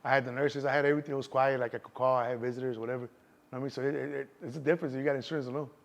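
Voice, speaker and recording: A man's voice: medium pitch, steady tone, very fast, creaky. A middle-aged man with a Chicago accent, telling stories in casual street slang in an interview. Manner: streetwise slang, keeps saying "you know what I'm saying". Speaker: interview guest. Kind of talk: casual storytelling.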